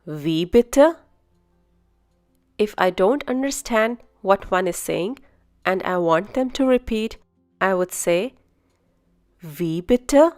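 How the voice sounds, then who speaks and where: A woman teaching a beginner language lesson, speaking slowly and carefully and repeating each phrase. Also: medium pitch, darkish tone. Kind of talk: scripted language lesson narration.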